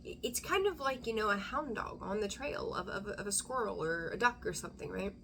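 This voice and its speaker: A woman's voice: mid-range voice, lively intonation, fairly quick, sharp tone, a little hiss or hum. Rambling woman tarot reader, half-whispering. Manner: rambling and digressive, often slipping into a whisper. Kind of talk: casual intuitive tarot reading.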